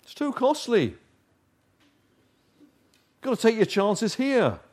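A man's voice: extremely high pitch, big pitch swings, slow pace, a little mellow, pitched above the performer's own voice, full character voice. A man preaching voices a person's tempting inner self, coaxing the listener to stay behind. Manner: coaxing, urgent pleading.

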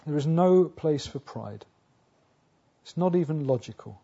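Husky-voiced man preaching a sermon. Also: animated. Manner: earnest, building to loud emphatic peaks, then dropping low; halting restarts and rhetorical questions. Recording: dull lo-fi sound.

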